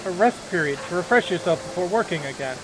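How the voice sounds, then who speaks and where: A man with a fairly high voice talks through his playthrough of a role-playing game in a relaxed, musing way. He reads out his own dialogue choices as he goes. A steady noisy hiss sits under the recording. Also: quick pace. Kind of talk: casual let's-play commentary.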